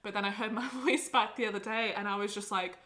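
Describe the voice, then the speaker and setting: A woman's voice: mid-range voice, fast talker. A woman from England chatting as a podcast guest, telling her stories with lots of fillers. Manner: animated storytelling, many fillers. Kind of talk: casual chat.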